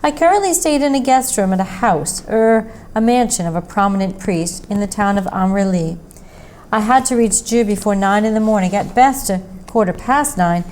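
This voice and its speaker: A woman's voice: mid-range voice, moderate pace, darkish tone, slight background noise, low-quality recording. Woman reading a mystery story aloud. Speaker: story reader.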